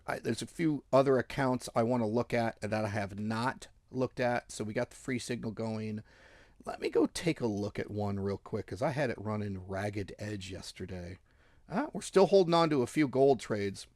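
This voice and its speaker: A man hosting a trading livestream, chatting casually and reading viewer comments in a brash, profane, excitable way that swings from loud outbursts to mumbling. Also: mid-range voice, dry recording, clean studio sound.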